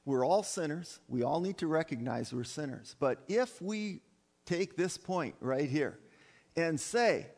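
A man's voice: fairly high pitch, lively intonation, unhurried, darkish tone. A man preaching a sermon to his congregation, emphatic and repetitive, often asking the listeners questions. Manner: emphatic, repeats phrases, addresses the congregation as folks. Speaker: pastor.

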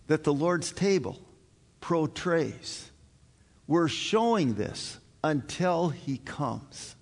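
A man preaching a communion sermon as pastor, slow and earnest, building to emphatic high points. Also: lively intonation, big-room sound. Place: church sanctuary.

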